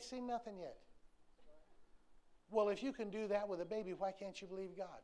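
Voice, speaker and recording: A man's voice: high voice, normal speed, pauses often, a little mellow. A man, preaching a sermon in an emphatic, folksy, repetitive way with touches of humor. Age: 60s. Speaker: pastor.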